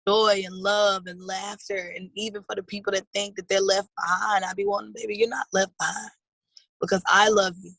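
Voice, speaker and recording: A woman's voice: medium pitch, little pitch movement, brisk, vocal fry, a bit bright, no room sound, poor audio. A woman in her thirties speaking in a heartfelt, earnest way in a personal interview, often calling people "baby". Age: 30s.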